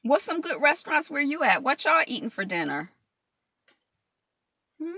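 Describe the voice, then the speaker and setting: A woman's voice: sits high, big pitch swings, moderate pace, sharp tone, no room sound. A woman chatting casually to viewers while eating on a live stream, rambling with lots of fillers and answering comments as they come in. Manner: loose, rambling talk full of fillers. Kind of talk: casual mukbang live chat. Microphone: phone camera.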